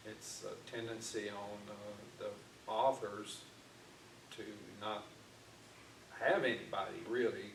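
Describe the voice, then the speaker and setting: A man's voice: lowish voice, steady tone, slow, gravelly. A man teaching an informal Bible class in a church classroom, talking conversationally with frequent fillers and restarts. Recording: echoey room, distant mic, faint noise.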